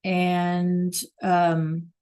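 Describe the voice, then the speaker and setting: Slow, patient teacher woman. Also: fairly low pitch, monotone, a little mellow, smooth. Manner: patient, checks in often with "right?" and "okay?". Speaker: Spanish teacher. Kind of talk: online class teaching. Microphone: video call.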